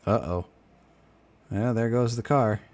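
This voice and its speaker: A man's voice: medium pitch, slow, darkish tone. A man streaming, giving casual commentary on videos as he watches them, exclaiming and laughing at what he sees. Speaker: streamer reacting to clips.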